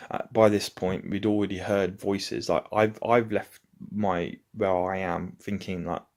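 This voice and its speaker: Man, very low voice, rambling anecdote, vlog at home. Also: flat delivery, unhurried, darkish tone. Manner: rambling, loose anecdote-telling. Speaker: vlogger. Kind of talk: casual storytelling to camera. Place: at home, indoors.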